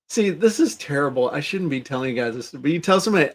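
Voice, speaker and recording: A middle-aged man chats on a podcast with a slightly raised pitch. He tells stories with energy and acts out the people he quotes. It is a relaxed, conversational delivery. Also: quick pace, few pauses. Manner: animated storyteller acting out quotes. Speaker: podcast co-host. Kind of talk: casual podcast chat.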